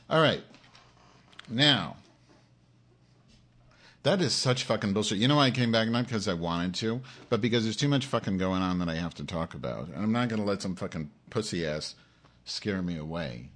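A man's voice: sits low, fairly bright tone. A man hosting his own live-stream show, in an angry, profane rant aimed straight at his audience.

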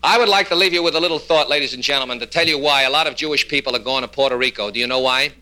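A man's voice: medium pitch, rapid-fire, sharp tone, a little hiss or hum, rough recording. A man telling stand-up jokes peppered with Yiddish words, acting out the dialogue. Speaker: stand-up comedian.

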